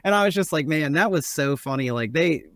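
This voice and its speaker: A man's voice: a little high, animated, a little fast, fairly bright tone, no echo. A man co-hosting a casual movie review podcast, chatty and laughing often, with lots of fillers. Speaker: podcast co-host.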